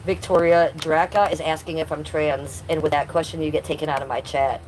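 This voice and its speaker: A woman's voice: low-pitched, little pitch movement, fairly quick, a little mellow, slight background noise. A woman in her fifties hosting a casual livestream, reading chat aloud and cursing at rude commenters. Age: 50s. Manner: blunt, swears at rude chatters; sing-song baby talk to her cat. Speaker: livestream host.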